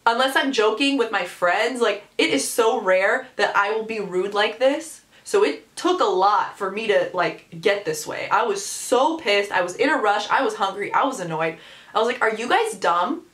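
A young woman vlogger telling a story, animated and exasperated, with lots of "like.". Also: mid-range voice, moderate pace. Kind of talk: storytime vlog. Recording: echoey room.

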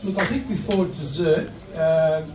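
A man's voice: on the high side, unhurried. A man in his sixties as master of ceremonies, casually announcing the evening's program with many fillers. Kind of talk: event announcements. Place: function room at a dinner. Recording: echoey room from far off with noise.

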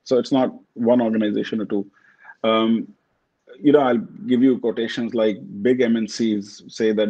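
A man from Pakistan, a company chief, answering interview questions in a measured corporate way, often restarting his words. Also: lowish voice, steady tone, dark tone, highs cut off. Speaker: CEO guest.

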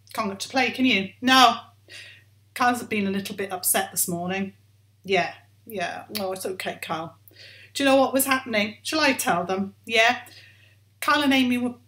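A woman telling a Bible story to children as a Sunday school teacher, talking in a gentle, coaxing way and asking them questions. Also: medium pitch, reverberant.

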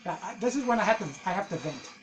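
A man giving casual let's-play commentary, excitable and swearing as he rants at the game. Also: high-pitched, racing, noisy background. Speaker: gameplay commentator.

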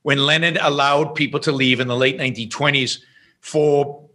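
A man as an interview guest, telling an anecdote in a lively way and often restarting his sentences. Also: mid-range voice, normal speed. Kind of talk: explaining and storytelling in conversation.

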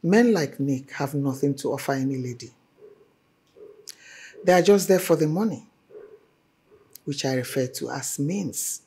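A stern, wealthy mother in a film drama, lecturing with formal, clipped authority. Her husky voice swings widely in pitch as she presses her point. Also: lively intonation, measured pace, long pauses, warm tone, exaggerated voice. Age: middle-aged. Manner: firm, lecturing, formal wording. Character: stern wealthy middle-aged mother, domineering.

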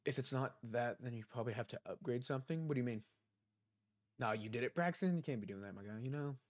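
A man's voice: medium pitch, quick pace. A young man live streaming a video game from his home desk, chatting casually and answering viewers' questions. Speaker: gaming streamer. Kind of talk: live stream chat while gaming. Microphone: desk mic.

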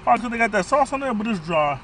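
A man's voice: very high-pitched, animated, racing, fairly bright tone, a little hiss or hum. A man doing a casual food review vlog from his car, talking bluntly and profanely as he rants about the food.

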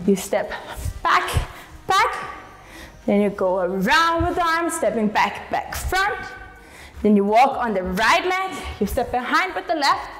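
A woman's voice: on the high side, a bit bright, big-room sound. A woman teaching a jazz dance class, calling out each step and counting the moves aloud as she dances. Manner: counts steps aloud while dancing.

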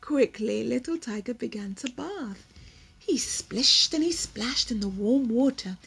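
A young woman reading a picture book aloud to her toddler at home, slow and expressive, with gasps and whispered asides. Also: fairly high pitch, gravelly, breathy edge.

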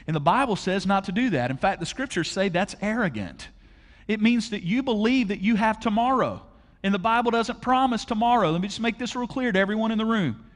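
A man's voice: high-pitched, expressive, fairly quick. A man preaching a conversational sermon to a church audience, asking them questions directly. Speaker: pastor. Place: large church auditorium. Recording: long hall reverb.

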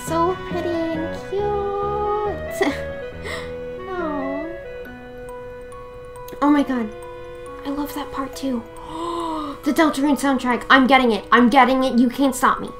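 A young woman in casual let's-play commentary, excitable and giggly, talking to her viewers. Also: high voice, normal speed, over music. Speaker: gameplay streamer.

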